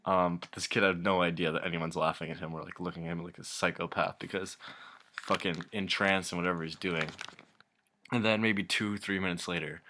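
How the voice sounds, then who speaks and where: A man's voice: low-pitched, fairly even intonation, moderate pace, pushed and bright. A young man ranting casually to camera, rambling and exasperated, swearing a lot and often breaking into laughter. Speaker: vlogger.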